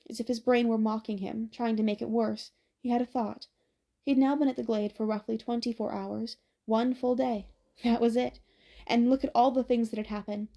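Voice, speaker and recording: Woman narrating an audiobook, higher voice. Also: dark tone.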